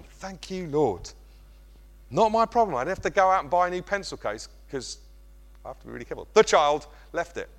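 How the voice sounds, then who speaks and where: A middle-aged man preaching a sermon, animated and self-mocking. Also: fairly high pitch, a little fast, gravelly. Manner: animated, self-mocking, acts out kids' voices. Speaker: pastor.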